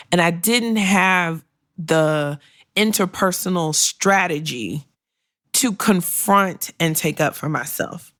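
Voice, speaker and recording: A woman's voice: lowish voice, a bit bright, dry recording, clean studio sound. A middle-aged woman hosting a career advice podcast, talking bluntly and sassily, with laughs and acted-out quotes. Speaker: podcast host and career coach. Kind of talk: candid solo podcast advice.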